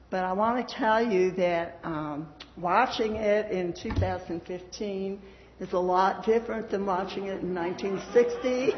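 A middle-aged woman with a Southern US accent, giving a folksy devotional talk with fillers and reading scripture aloud. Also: fairly low pitch. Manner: chatty, folksy, with frequent fillers. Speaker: church speaker. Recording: echoey dull hall sound.

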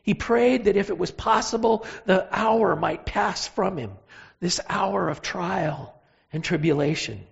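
A preacher giving a sermon, telling a Bible story with emphatic, animated delivery and pauses. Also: medium pitch, gravelly, slightly rough, highs cut off.

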